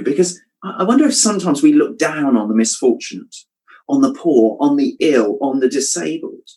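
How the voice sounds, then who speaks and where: A man preaching a sermon, thoughtful and measured, dropping his voice quietly when quoting scripture. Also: a little high, low-quality recording. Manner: reflective, drops to a hush on quoted scripture.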